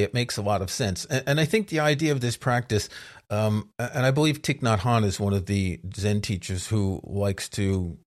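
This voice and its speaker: A man co-hosting a casual podcast discussion, speaking in a thoughtful, measured way. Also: mid-range voice. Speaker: podcast co-host.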